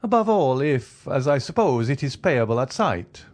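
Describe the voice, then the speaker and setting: A man voicing a wealthy, coolly ironic middle-aged count who talks in a teasing, measured way. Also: medium pitch, big pitch swings, pitched above the performer's own voice, natural voice. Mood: amused. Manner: teasing, measured, faintly mocking.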